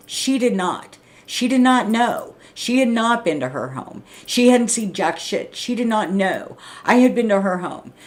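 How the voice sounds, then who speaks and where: Middle-aged woman streamer, deep voice, blunt, profane, rambling vent. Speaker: livestreamer. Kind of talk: casual venting monologue.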